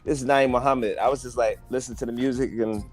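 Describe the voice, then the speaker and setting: A man's voice: medium pitch, steady tone, fast talker, darkish tone, faint music behind. A man chatting playfully on a casual group livestream, joking around with his bandmates.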